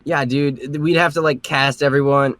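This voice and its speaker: A man's voice: mid-range voice, steady tone, normal speed, a bit bright, no room sound. A man co-hosting a casual podcast chat, joking and swearing freely and often trailing off mid-sentence. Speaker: podcast co-host and voice actor.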